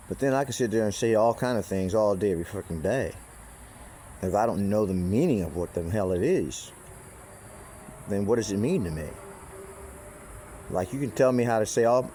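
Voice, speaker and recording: Casting: man, lowish voice, loose rambling delivery, swears freely, faint crickets behind. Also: dark tone, a little hiss or hum. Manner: profane, meandering, with frequent restarts and asides. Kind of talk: rambling casual monologue.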